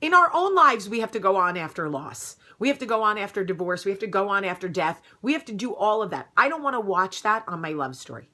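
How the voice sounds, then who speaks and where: A woman vlogging in an animated, emphatic way, ranting loudly and then talking more calmly. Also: medium pitch, fast, hardly any pauses. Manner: animated, emphatic, swings from loud outrage to calmer advice. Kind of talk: casual vlog rant.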